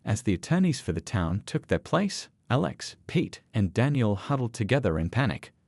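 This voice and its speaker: A man reading a scripted dramatic story as narrator, with a steady storytelling delivery. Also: lowish voice, moderate pace, gravelly, no echo.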